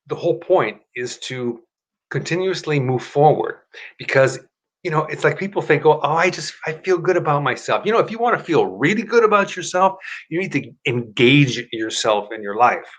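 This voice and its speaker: A man talks into his computer mic while hosting a live stream. He rambles in a chatty way and often stops to correct himself. At times he slips into an upbeat motivational pitch. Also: lively intonation, moderate pace, fairly bright tone. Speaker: host of a live stream show. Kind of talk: casual live-stream talk and self-help pitch.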